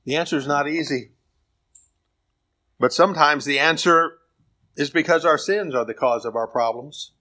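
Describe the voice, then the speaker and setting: An American man preaching a sermon. His questions rise to a plea, and he drops low and soft when he reads scripture. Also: moderate pace, pauses often. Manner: emphatic, rising to pleading questions, dropping low and soft on scripture.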